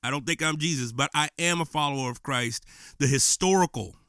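Fired-up male podcast host, bright voice. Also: fairly high pitch, fairly quick, clean tone, no room sound, studio quality. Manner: impassioned, preachy, loose and slangy. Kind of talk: casual podcast monologue. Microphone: podcast microphone.

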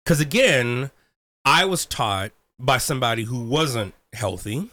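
A man hosts a relaxed conversational interview with a bright, forward tone. He reflects openly and keeps backing up his guest with quick affirmations. The sound is close and dry, with no room around it. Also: medium pitch, dry recording. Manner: affirming, chimes in with frequent agreement. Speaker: podcast host.

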